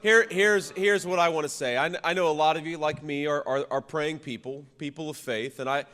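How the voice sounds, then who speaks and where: Man, high voice, bright and forceful, campaign rally speech, repeated slogans, long reverb. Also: fairly even intonation, a little fast. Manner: punchy, repetitive slogans shouted to a crowd, frequent restarts. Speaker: vice-presidential candidate speaking at a campaign rally.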